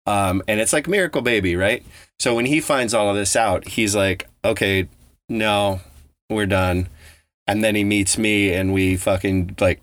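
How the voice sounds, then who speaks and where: A man's voice: sits low, a bit bright, no room sound. A man hosting a podcast, telling a travel story in a loose, rambling way with plenty of swearing. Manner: loose, profane, rambling with restarts. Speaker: podcast host. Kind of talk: casual storytelling.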